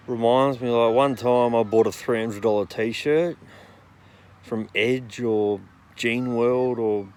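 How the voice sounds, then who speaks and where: A man's voice: medium pitch, a little hiss or hum. An Australian man telling a crude, rambling anecdote outdoors, swearing freely in a laid-back way. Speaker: storyteller. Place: outdoors in nature.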